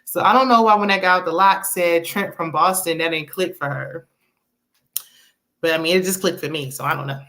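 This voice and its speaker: A young woman, casually recapping a movie with laughs and quick asides. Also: on the low side. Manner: chatty, animated retelling with laughs and acted-out quotes. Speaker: movie review host.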